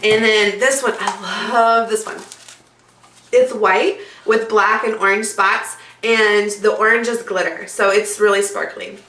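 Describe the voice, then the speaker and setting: A woman's voice: medium pitch, steady tone, measured pace, a bit bright, a little hiss or hum. A woman hosting a casual craft tutorial, chatty and bubbly, with lots of fillers and asides. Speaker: craft video host. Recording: echoey room, mic at a distance.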